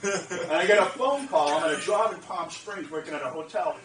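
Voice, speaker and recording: A man telling a lively story to a lecture audience, laughing, repeating phrases and checking in with the listeners. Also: high voice, a little fast, a little hiss or hum. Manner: animated, laughing, repeats phrases, asks the audience "you get what I'm saying?". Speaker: speaker at a lecture event. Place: lecture room. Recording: roomy, distant from the mic, faint ambience.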